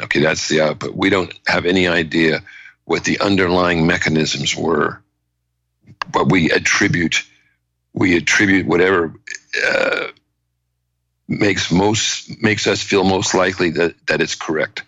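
A man who is a neurologist and author, explaining his ideas as an interview guest in a measured way with frequent restarts. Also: low voice, fairly even intonation, sharp tone, no room sound, poor audio. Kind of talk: conversational interview.

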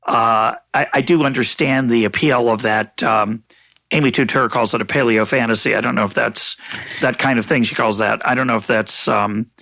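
A man interviewing an author, asking thoughtful questions in a halting way with frequent restarts. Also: medium pitch, steady tone, gravelly, bright, forceful tone, no echo. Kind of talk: conversational interview.

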